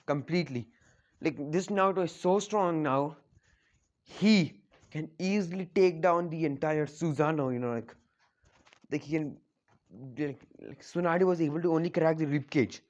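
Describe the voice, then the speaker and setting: A man's voice: a little high, moderate pace, darkish tone. A man casually retelling a fan story, rambling with lots of restarts and filler words. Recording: dull lo-fi recording.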